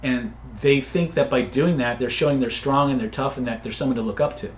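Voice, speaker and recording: A man coaching viewers on influence in a casual live-stream, often tagging points with "right?" and shouting out angry characters when he tells stories. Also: medium pitch, brisk, echoey room, a little hiss or hum. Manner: conversational, tags points with "right?"; acts out angry voices loudly in stories. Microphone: own camera setup.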